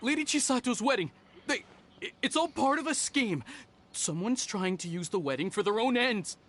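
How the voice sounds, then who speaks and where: A woman's voice: fairly high pitch, lively intonation, normal speed, fairly bright tone. A woman voicing a frightened young woman freed from captivity in a video game, speaking urgently. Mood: shaken. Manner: anxious, urgent.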